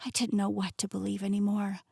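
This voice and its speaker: A woman narrating a novel in first person with lively, expressive delivery. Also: mid-range voice, a little fast, creaky, breathy edge, no echo, studio quality. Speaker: audiobook narrator.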